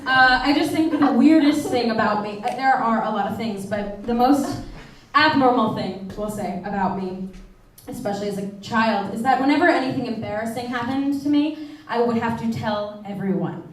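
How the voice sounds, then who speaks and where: A woman's voice: on the high side, normal speed, a little hiss or hum. A young woman doing a stand-up comedy set, oversharing and self-mocking and laughing between her punchlines. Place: theater stage with live audience. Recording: distant, echoey live stage recording.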